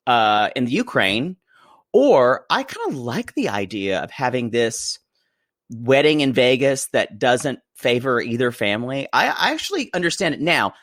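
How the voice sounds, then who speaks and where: A man's voice: medium pitch, fairly bright tone, dry recording, clean studio sound. A man co-hosting a podcast, chatting playfully and gossipily while recapping a reality show. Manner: playful, gossipy, laughs often. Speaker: podcast co-host. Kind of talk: casual chat recapping a TV show.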